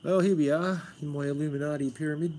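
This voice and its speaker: Rambling Australian man, slightly high voice. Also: steady tone, fast talker, mellow, a little hiss or hum. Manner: rambling, swears, says "man" often. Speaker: livestream host. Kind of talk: casual live stream chat. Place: outdoors under a pergola.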